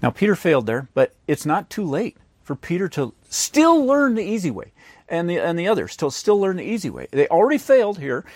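Animated male preacher, lively pitch. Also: fairly quick, dry recording. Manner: animated preaching, acts out the voices in his stories. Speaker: pastor. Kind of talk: sermon.

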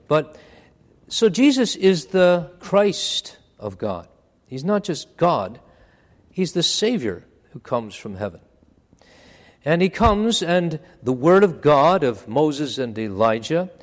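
A man's voice: medium pitch, long reverb tail. A male pastor preaching a sermon, earnest, building to emphatic peaks, with the odd stammer.

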